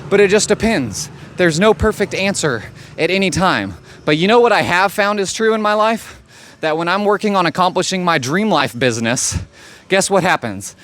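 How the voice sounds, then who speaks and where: A man's voice: sits high, a bit bright. A man giving a blunt, profane motivational monologue as a life coach. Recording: faint street noise behind.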